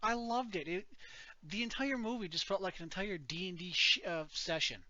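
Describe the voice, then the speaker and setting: A man's voice: high-pitched, moderate pace, bright, forceful tone, no room sound, highs cut off. A man co-hosting a podcast in casual chat, rambling, with many restarts and frequent laughs. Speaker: podcast co-host.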